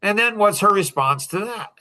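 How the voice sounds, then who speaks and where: A middle-aged man hosting a podcast, telling a personal story to a small group in an animated way, chuckling often between points. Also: high-pitched, moderate pace, a little hiss or hum. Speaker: podcast host.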